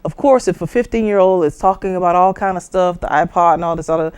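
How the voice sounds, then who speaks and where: A woman giving a conversational talk on public speaking, lively and full of asides, jumping high in pitch to act out other people. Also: quick pace, clear, resonant tone, dry recording. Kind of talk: instructional talk.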